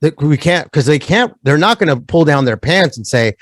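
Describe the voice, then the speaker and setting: A man with a fairly high voice, recorded dry and close, riffing with energy in a podcast chat. He jumps between thoughts and mockingly imitates others. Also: expressive, moderate pace, hardly any pauses, no room sound. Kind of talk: casual podcast conversation.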